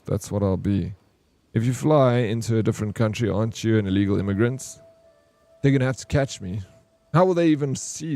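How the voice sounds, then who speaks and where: A young man, chatting casually and excitably with his stream viewers, rambling between topics. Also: mid-range voice. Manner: rambling, excitable, says bro a lot. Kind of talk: casual chat with live chat.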